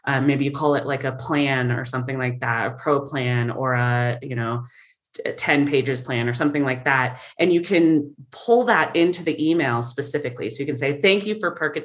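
A woman's voice: very deep voice, fairly even intonation, moderate pace. A woman guest in a casual interview, explaining things thoughtfully with frequent fillers. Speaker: marketing guest.

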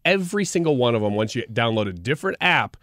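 A man co-hosting a casual chat show, chatty and quick to laugh. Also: mid-range voice, sing-song, fairly bright tone, dry recording, studio quality. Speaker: podcast co-host.

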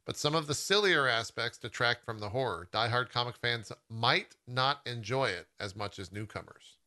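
A man's voice: mid-range voice, moderate pace, bright, forceful tone. A man co-hosting a podcast who reads reviews aloud in an easygoing way and laughs often. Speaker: podcast co-host. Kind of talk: casual podcast chat, reading reviews aloud.

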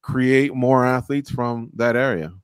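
A man's voice: mid-range voice, fairly even intonation, measured pace, clean tone, no echo. A man hosting a podcast, chatting casually with a guest and asking playful questions. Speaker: podcast host. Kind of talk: casual interview talk.

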